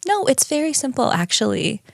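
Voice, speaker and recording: A woman's voice: sits high, big pitch swings, brisk, creaky, no room sound, studio quality. A woman co-hosting a podcast, mostly listening with short affirming replies. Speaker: podcast co-host. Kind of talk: casual chat.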